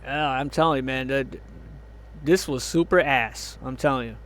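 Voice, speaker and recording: A man's voice: medium pitch, normal speed, fairly bright tone. A man ranting angrily about a movie, swearing a lot, groaning in exasperation and laughing in disbelief. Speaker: movie reviewer. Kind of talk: angry movie review rant.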